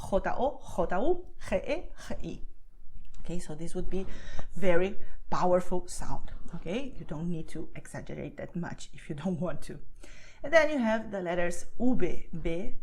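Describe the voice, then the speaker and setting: A woman's voice: lowish voice, darkish tone, slight background noise. Patient Spanish-accented woman teaching. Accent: Castilian Spanish. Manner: patient, checks in with "okay?" often. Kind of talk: explaining a beginner lesson.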